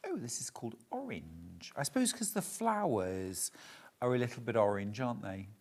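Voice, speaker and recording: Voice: mid-range voice, very animated, normal speed, darkish tone. A shopping channel presenter, chatting and gushing over fabrics during a live TV sale.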